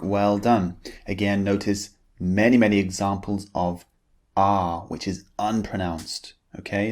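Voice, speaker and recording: Slow, deep-voiced British English teacher. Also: male voice, darkish tone. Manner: deliberate, modeling words for learners to repeat. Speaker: pronunciation teacher. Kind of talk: scripted pronunciation lesson.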